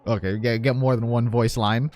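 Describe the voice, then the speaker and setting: A man's voice: medium pitch, steady tone, brisk, darkish tone, soft background music. A young man casually commenting on a game, swearing freely and reading its text aloud. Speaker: let's play gamer.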